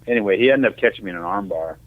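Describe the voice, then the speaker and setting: A middle-aged man from Ohio telling rambling, animated stories as a podcast guest, often acting out what people said. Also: fairly low pitch, racing, dry recording. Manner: rambling, animated, acts out quoted dialogue. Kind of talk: casual storytelling. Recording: tinny phone-like audio.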